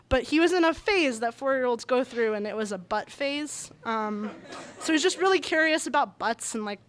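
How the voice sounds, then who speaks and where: A young woman with a high, bright-pitched voice tells a personal story live in a small bar. She is chatty and animated, laughing often as she goes. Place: small bar venue, indoors.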